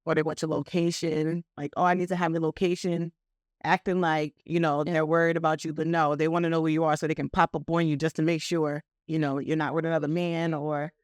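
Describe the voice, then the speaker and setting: A woman's voice: sits low, little pitch movement, fairly quick, hardly any pauses, no echo, clean studio sound. A woman guest on a podcast in casual chat, rambling with lots of fillers and easy laughs.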